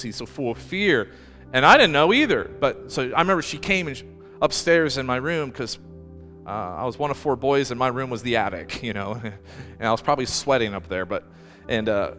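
A man's voice: medium pitch, pushed and bright, long reverb tail. A man pastor giving a personal sermon, earnest and close to tears, often restarting his sentences. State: emotional, near tears. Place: church.

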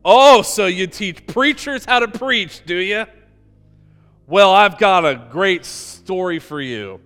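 A man voicing a friendly, chatty white-haired older man within a sermon story, in a hall with soft music. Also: high voice, sing-song, normal speed, exaggerated voice.

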